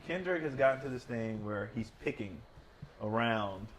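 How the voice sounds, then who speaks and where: A man hosting a podcast, telling a parenting story in casual chat. He talks fast, swears freely and bursts into loud shouts when he quotes himself. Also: mid-range voice, animated, slight background noise. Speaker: podcast host, father.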